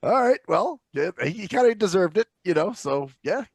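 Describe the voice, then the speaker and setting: A man's voice: sits high, lively intonation, moderate pace, husky. A man hosting a casual podcast chat, joking and laughing often. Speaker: podcast host.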